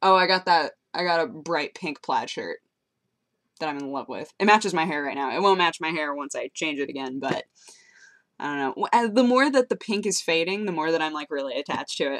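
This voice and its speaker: A woman's voice: low-pitched, expressive, fairly quick, fairly bright tone. A young woman chatting casually into a webcam, rambling and self-mocking, with many fillers and laughs. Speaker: vlogger. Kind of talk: casual webcam vlog chat. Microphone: webcam mic.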